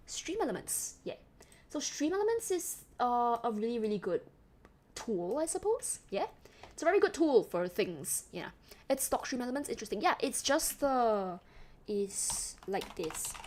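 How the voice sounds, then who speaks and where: A woman's voice: on the high side, darkish tone, slight background noise. A young woman from Singapore with a mixed, slightly British-sounding accent, chatting casually with her live chat as a streamer. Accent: mixed Singaporean, a little British. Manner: chatty, rambling, self-described yapper.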